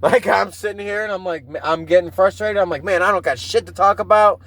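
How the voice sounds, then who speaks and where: A man's voice: sits high, brisk, fairly bright tone, poor audio. A man in his mid-thirties hosting a casual solo podcast, rambling and swearing freely, often laughing at himself. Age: 30s. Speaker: podcast host.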